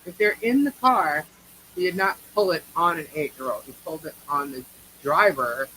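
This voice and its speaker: A woman's voice: deep voice, normal speed, pushed and bright, slight background noise, low-quality recording. A woman with a New York accent co-hosting a live chat, blunt and opinionated, swearing casually as she answers viewers. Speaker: livestream co-host.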